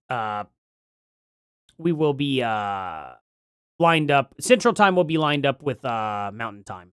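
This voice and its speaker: A middle-aged man chats loosely on a livestream and works things out aloud. His pitch jumps up and down a lot, and he keeps trailing off into ums and false starts. The sound is dry and close, with almost no room echo. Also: clear, resonant tone. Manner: rambling, thinks aloud with many ums and restarts. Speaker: livestream host. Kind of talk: casual livestream chat, reading chat aloud.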